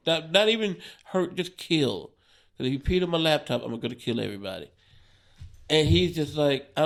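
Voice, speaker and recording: A stand-up comic tells a wild road story with a slightly high voice, swearing freely and breaking into laughter. He slips into quick little impressions of the drunk friend. The talk is loose and animated. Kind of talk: casual storytelling chat.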